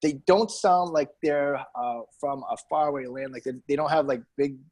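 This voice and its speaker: A man's voice: a little high, normal speed, darkish tone, poor audio. A man with a New England accent, a business owner talking casually as a podcast guest, with lots of fillers and restarts. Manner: chatty, many fillers and restarts.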